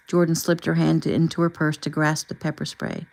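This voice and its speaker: A woman narrating an audiobook in an even, plain reading style. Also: sits low, moderate pace, gravelly, poor audio.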